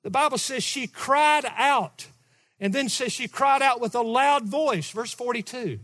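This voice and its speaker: High-voiced preacher in a reverberant church hall. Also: male voice, unhurried. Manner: preaching with sudden loud, animated outbursts. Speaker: pastor. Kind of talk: sermon. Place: church sanctuary.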